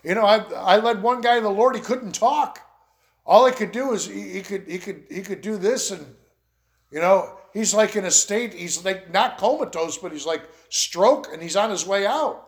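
A man's voice: sits high, moderate pace. A man preaching a sermon. He tells folksy stories with laughs and asides. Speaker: pastor.

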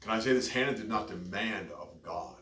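A man's voice: lowish voice, fairly quick, a bit bright. A man preaching a sermon, telling a story and building to emphatic peaks. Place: church sanctuary. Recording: echoey church, distant mic, faint noise.

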